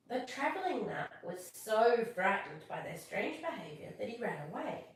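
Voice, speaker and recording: A woman reading a children's story aloud on a live stream, expressive, chatting with viewers between pages. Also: medium pitch, normal speed, hardly any pauses, distant mic, a little hiss or hum. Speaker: storyteller host. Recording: echoey room, voice off-mic.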